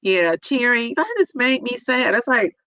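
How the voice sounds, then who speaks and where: A woman's voice: fairly high pitch, lively intonation, unhurried, bright, forceful tone, no echo, low-quality recording. A middle-aged woman livestreaming, chatting emotionally and tearfully with viewers while reading the chat, with lots of fillers. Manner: emotional, teary, many fillers. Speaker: vlogger reading live chat.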